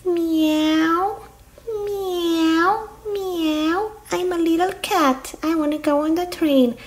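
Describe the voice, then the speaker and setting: A woman's voice: very high-pitched, moderate pace. A woman voicing a little toy cat that meows and asks to ride the train in a childlike way. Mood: eager. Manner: meowing, childlike. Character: little female toy cat, eager passenger.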